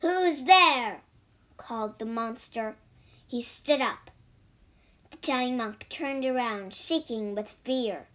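Woman narrating a storybook, very slow, high voice, clear learner-friendly delivery. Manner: slow and clear, spelling words out. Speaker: storyteller and English teacher.

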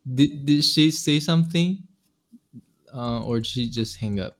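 A man, a native Chinese speaker, hosting a podcast and asking questions in simple, halting English, often answering with "uh-huh". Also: mid-range voice. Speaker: podcast host. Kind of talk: casual interview chat.

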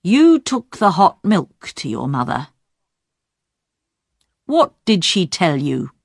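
A woman voicing a methodical male police inspector in an audiobook, deliberate and accusing. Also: fairly low pitch, very animated, creaky, no room sound, clean studio sound, heavily acted.

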